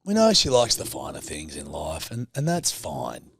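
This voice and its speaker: A man's voice: very deep voice, wildly swooping pitch, normal speed, gravelly, a bit bright, husky, no echo, clean studio sound. A man co-hosting a podcast in casual chat, teasing, swearing freely and laughing often. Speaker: podcast co-host.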